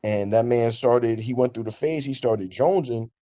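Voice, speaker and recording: A man, a podcast host telling a long story in casual, slangy, animated chat. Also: medium pitch, normal speed. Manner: animated, slangy, laughs through his story.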